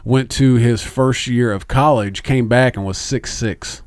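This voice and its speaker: A man hosting a casual podcast chat, telling profane, animated stories. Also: medium pitch, measured pace, no echo, clean studio sound.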